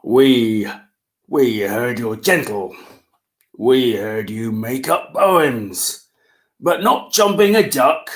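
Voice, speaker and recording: A man's voice: mid-range voice, animated, drawn-out words. A man reading a children's picture book aloud, voicing a group of fierce male lions who scold their friend.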